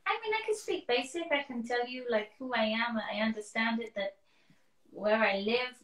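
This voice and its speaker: A woman's voice: on the high side, normal speed, a bit bright. A young woman from the UK, a guest on a live video call, chatting casually and laughing easily. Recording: echoey video call from a distance.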